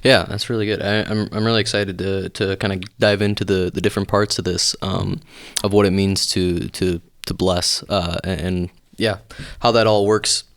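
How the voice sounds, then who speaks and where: Male podcast host, deep flat gravelly voice, halting delivery, dry sound. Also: no room sound. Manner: halting, lots of restarts and fillers. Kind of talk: casual chat.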